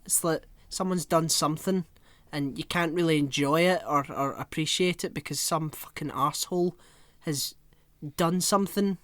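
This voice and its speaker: A man's voice: a little high, moderate pace, fairly bright tone, no room sound. A man co-hosting a podcast in casual chat, rambling and swearing with frequent laughs. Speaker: podcast co-host.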